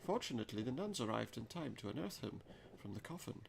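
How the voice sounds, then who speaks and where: A grave, formal male scholar with a foreign accent, as a gamer puts him on, delivering dark news in measured, gravelly tones. His voice is low-set, and he keeps a stiff, mysterious manner. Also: big pitch swings, slight background noise. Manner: reads in a put-on accent.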